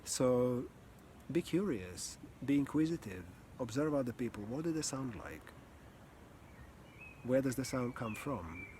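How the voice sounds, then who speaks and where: Man, voice coach, calm and earnest, unhurried reflective delivery, faint hiss behind. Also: mid-range voice. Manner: calm, earnest, slow with pauses, occasional sighs and soft laughs. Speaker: communication and voice coach. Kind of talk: reflective teaching talk.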